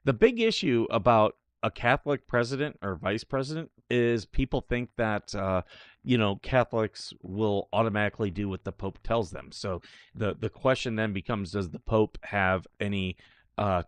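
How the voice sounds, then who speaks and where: On a live talk show, a host with a lowish voice responds to clips with sarcastic, scoffing remarks. He keeps a moderate pace in this casual commentary, and the recording is dry.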